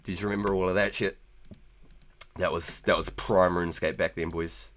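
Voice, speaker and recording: A man's voice: sits low, steady tone, moderate pace, fairly bright tone. A man live-streaming a game, chatting loosely with viewers, laughing often and swearing freely. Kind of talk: casual live gaming stream chat.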